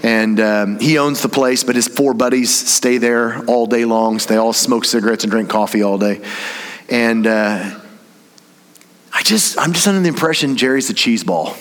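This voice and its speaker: A man's voice: medium pitch, normal speed, fairly bright tone. A man from Tennessee, preaching a sermon and telling a story with humor and acted-out voices. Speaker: pastor. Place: church. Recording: reverberant church hall.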